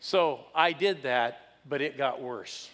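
A man's voice: medium pitch, slow pace, a bit bright, big-room sound. A man in his sixties, a pastor telling a personal story in a sermon, playfully drawing in the audience. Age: 60s.

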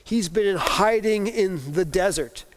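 A pastor preaching a sermon, telling a Bible story and acting out the voices of its people. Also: male voice, high-pitched, measured pace.

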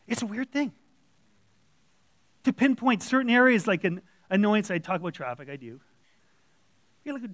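High-voiced blunt male preacher. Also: animated, normal speed, long pauses, a bit bright, no echo. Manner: blunt, conversational, acting out quoted voices. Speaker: church elder preaching. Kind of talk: informal sermon. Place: church room with audience.

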